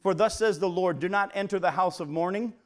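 Slightly high-voiced man teaching a sermon. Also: brisk. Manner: conversational, asks the listeners questions. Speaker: pastor.

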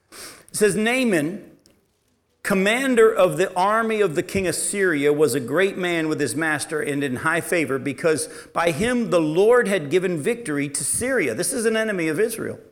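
A man preaching a sermon, reading scripture aloud and explaining it, who swings between loud emphasis and quiet asides and asks his listeners questions. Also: fairly high pitch, animated, moderate pace.

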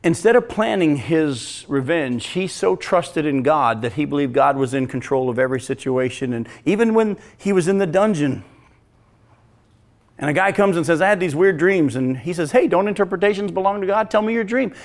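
A man preaching a sermon, moving from hushed, slow retellings to loud, pointed questions for the congregation. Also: fairly high pitch, lively intonation. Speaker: pastor.

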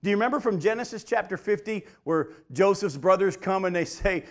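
Middle aged guy preaching, bit high voice, leans hard on key lines, talks right to the folks. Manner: emphatic preaching, slows for key points, addresses folks directly. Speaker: pastor. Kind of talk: sermon.

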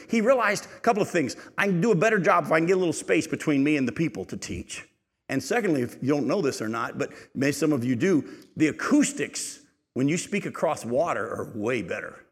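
Man preaching in a reverberant hall. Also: breathy edge. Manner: rises in pitch and volume when reading aloud, drops low and quiet when retelling; conversational asides and rhetorical questions to the congregation. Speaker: pastor. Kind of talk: sermon, reading scripture and explaining it.

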